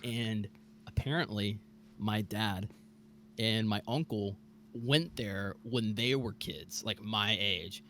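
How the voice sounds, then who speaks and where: A young man from Mississippi telling a scary true story on a podcast, animated and full of fillers. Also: fairly low pitch, slow pace, a little hiss or hum. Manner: animated, many fillers like "like" and "bro". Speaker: guest storyteller.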